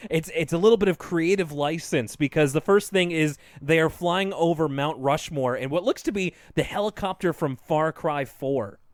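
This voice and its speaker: A man's voice: fairly high pitch, moderate pace, few pauses, dry recording, clean studio sound. A man co-hosting a podcast, talking casually about a cartoon episode and laughing often. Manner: chatty, laughs often, jokey. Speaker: podcast co-host. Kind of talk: casual chat.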